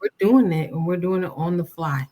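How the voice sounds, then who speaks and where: A woman's voice: on the low side, expressive, fairly quick, mellow. A tired woman co-hosting a casual podcast, chatty and a bit scattered while she sorts out her computer. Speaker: podcast co-host.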